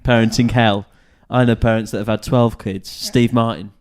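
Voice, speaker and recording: A man's voice: on the low side, steady tone, moderate pace, a little mellow. A man with a British accent hosting a comedy podcast, joking and mocking in casual banter. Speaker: podcast host.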